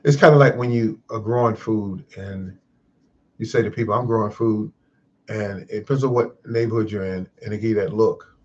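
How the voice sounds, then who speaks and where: A man's voice: lowish voice, fairly even intonation, normal speed, highs cut off. A man hosting a casual live stream, telling a reflective, moralizing story in a rambling way. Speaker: host of a live-stream gardening show.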